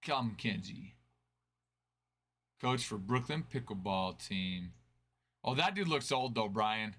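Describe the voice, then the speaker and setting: A man's voice: fairly low pitch, animated, slow pace, a bit bright, husky. A man hosting a card break stream, chatting casually and answering viewers' chat.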